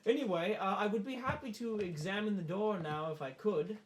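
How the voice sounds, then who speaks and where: A man voices a smooth, menacing official who stays polite on the surface and never stumbles. The voice sits high and floats along with easy, measured courtesy. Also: lightly acted. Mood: falsely polite.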